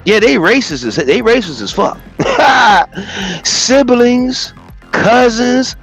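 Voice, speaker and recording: A man hosting a livestream, reading a text aloud and breaking off into loud, profane commentary. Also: extremely high pitch, slow, faint music behind. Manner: animated, profane, reads a text aloud and riffs on it. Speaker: livestream host.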